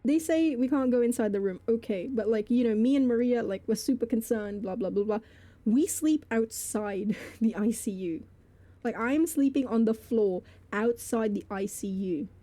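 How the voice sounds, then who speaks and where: A woman's voice: fairly high pitch, moderate pace, dark tone. Rambling, laughing woman streamer. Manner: rambling, filler-heavy, laughs between phrases. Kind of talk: casual storytelling to a live chat.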